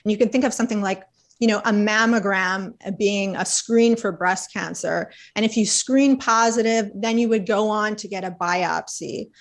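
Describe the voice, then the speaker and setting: A Canadian woman scientist giving interview answers, explaining in a clear and measured way. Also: mid-range voice. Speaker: researcher guest.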